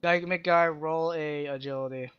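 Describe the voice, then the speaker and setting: A young man running a tabletop game as game master, describing the scene in halting bursts with many fillers. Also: on the high side, steady tone, clear, resonant tone, dry recording. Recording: dull lo-fi dry recording.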